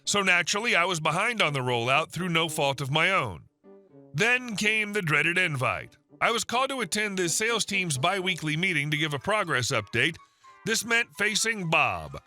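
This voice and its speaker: A man narrating online stories in a scripted way, with wry deadpan asides. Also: sits high, normal speed, soft background music.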